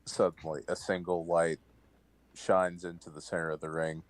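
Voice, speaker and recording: A man's voice: deep voice, little pitch movement, normal speed. A man in a casual comedic chat who narrates made-up scenes like a play-by-play.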